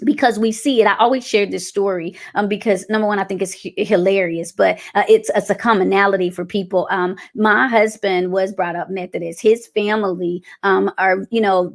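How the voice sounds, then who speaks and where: Lady giving a motivational talk, bit of vocal fry, chatty and stop-start. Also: mid-range voice. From American South. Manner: conversational, with many fillers and restarts. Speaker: speaker on communication.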